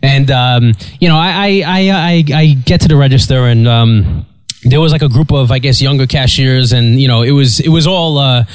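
Stammering, animated male storyteller, dry sound. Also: medium pitch, normal speed, smooth, no echo. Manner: stammering, animated storyteller who acts out quotes. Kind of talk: casual storytelling chat.

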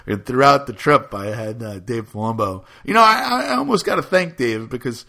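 A man's voice: mid-range voice, expressive, normal speed, vocal fry, sharp tone. A man chatting casually as a podcast host, telling a rambling story with many restarts and frequent laughs. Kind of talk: casual chat.

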